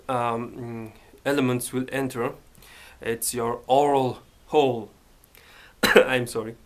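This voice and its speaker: Speaking slowly in an ordinary middle pitch, a Mongolian vlogger talks casually to camera from his bedroom. His voice is a bit bright, and he's hesitant and halting, often filling gaps with "uh" and "you know."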